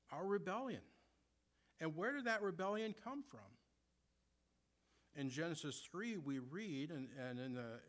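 A man preaching a sermon in an ordinary middle-pitched voice. He poses rhetorical questions to his congregation and slows down to read scripture and hymn verses with deliberate weight. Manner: reads scripture and hymn lines slowly and deliberately.

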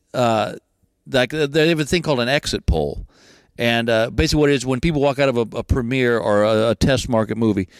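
A male comedian, telling a comic story and chatting as an interview guest, animated and acting out the people in it. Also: medium pitch, clean tone, no echo. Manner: animated, acts out voices, laughing through the story.

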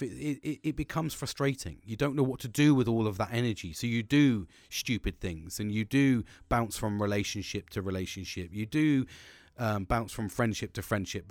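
A man's voice: mid-range voice, no room sound, studio quality. A man, talking candidly in a podcast monologue, rambling with frequent restarts and heavy swearing. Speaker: podcast host.

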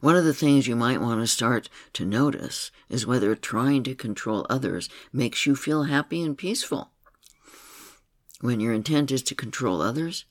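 Calm, gentle male podcast narrator. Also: mid-range voice. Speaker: podcast host and counselor. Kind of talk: reading a first-person story aloud.

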